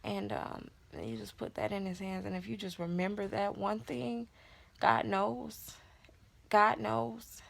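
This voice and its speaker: A woman's voice: mid-range voice, expressive, normal speed, gravelly, hardly any pauses, a little mellow. A pregnant woman vlogging casually and encouraging viewers in a preacherly way about faith.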